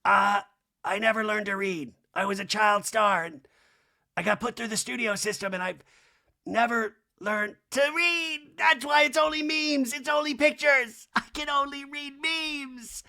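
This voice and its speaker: A defensive reality-show woman whines in a high, bright voice, as a man puts her on. She sounds put upon and close to tears throughout. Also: a little slow, gravelly, exaggerated voice. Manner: whiny, defensive, high-pitched. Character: weepy, defensive adult woman reality star.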